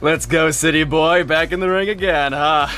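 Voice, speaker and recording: A man voicing a bookish male character who switches into a loud, aggressive fighter persona. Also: on the high side, steady tone, normal speed, soft background music, pitched above the performer's own voice. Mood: cocky. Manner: suddenly brash and aggressive.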